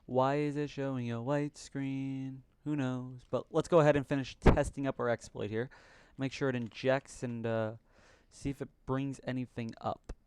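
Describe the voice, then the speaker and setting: A man's voice: medium pitch, flat delivery, moderate pace, few pauses, darkish tone, smooth. Young man muttering through a live coding stream. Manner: chatty, mutters to himself, jokey broken-English asides. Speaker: livestream host coding.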